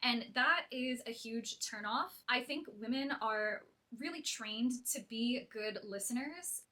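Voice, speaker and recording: A woman's voice: on the high side, pushed and bright. A young woman in a clip, casually explaining to the camera with many "like" fillers. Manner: chatty, filler-heavy with "like". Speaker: content creator in a clip.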